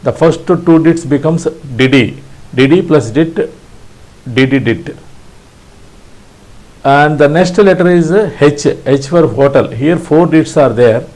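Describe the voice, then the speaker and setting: Slow guy from india walking thru morse code, lots of uh's, low mellow voice. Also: low-quality recording. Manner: hesitant, many fillers and restarts, sounds out dits aloud. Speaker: ham radio instructor. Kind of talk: slow spoken tutorial.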